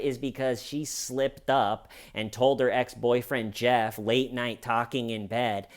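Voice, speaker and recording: A man giving casual true crime commentary in a sarcastic tone, acting out quotes in a mocking high voice. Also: fairly even intonation, a little slow.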